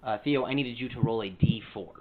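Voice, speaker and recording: A man's voice: medium pitch, a little fast. A man narrating as game master for a tabletop game, talking casually with lots of fillers, in a small crowded room. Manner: casual, filler-heavy rules talk. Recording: phone-like lo-fi sound with faint hiss.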